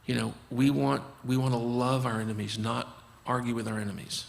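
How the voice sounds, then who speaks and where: A physician guest talks earnestly about his approach, often acting out conversations with his patients. His medium-pitched voice is steady, brisk and creaky, heard in a big-room acoustic.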